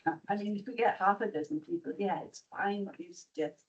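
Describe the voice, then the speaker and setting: A woman with a Welsh accent speaking quietly and hesitantly at a council meeting. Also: medium pitch, fairly quick, husky. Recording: dull lo-fi meeting room recording.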